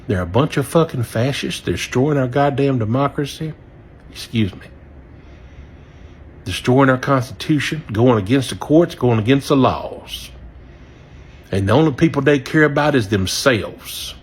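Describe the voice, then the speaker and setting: A man from outside Memphis talks straight to the camera in a heated, profane rant. His voice is husky and worn. He swings from loud outbursts down to low, bitter mutters. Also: lively intonation, moderate pace. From Southern US, near Memphis. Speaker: regretful voter. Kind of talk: angry direct-to-camera rant.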